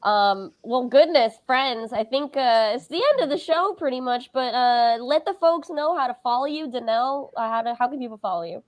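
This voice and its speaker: A woman's voice: sits high, normal speed, hardly any pauses. A woman hosting a live cooking stream, chatting casually and laughing often.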